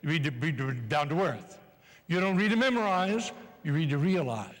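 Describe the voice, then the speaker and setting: Older guy doing a playful pep talk, high bright voice, big hall reverb. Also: normal speed. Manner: animated, playful, urging the audience. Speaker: motivational speaker. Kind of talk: live motivational speech. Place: large hall before an audience.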